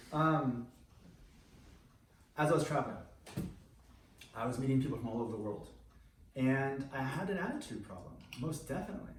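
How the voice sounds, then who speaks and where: Blunt man in his thirties, swears freely, animated, heard from a distance in a roomy hall. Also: medium pitch. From United States. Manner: blunt, profane, animated storytelling. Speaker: speaker giving a talk. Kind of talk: candid freestyle talk. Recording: roomy echo, mic at a distance, faint noise.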